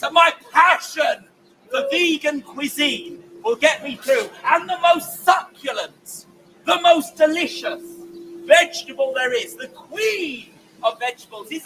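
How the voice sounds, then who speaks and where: High-voiced man shouting poems outdoors. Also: a little slow. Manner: playful, exuberant, often shouting to the crowd. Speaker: performance poet. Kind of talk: street performance poetry with audience participation. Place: outdoors on a city street. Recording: distant mic, crowd and street noise.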